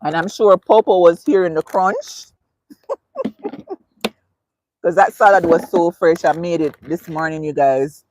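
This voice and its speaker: Female livestream host, low voice, chatty and giggly, dry close mic. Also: a little slow, long pauses, dry recording. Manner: chatty, laughs often, thanks viewers warmly. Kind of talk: casual live-stream chat reading comments.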